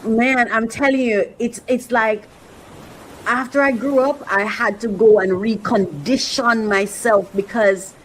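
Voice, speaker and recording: A woman's voice: mid-range voice, slight background noise, rough recording. A woman host speaking earnestly in a reflective faith-based monologue, repeating phrases for emphasis. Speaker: host reacting to clips.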